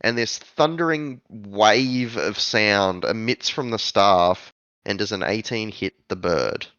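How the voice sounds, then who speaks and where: Man, game master, animated narration, bright tone, lots of fillers, dry dull home mic. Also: fairly low pitch, slow pace, clear, resonant tone, no room sound.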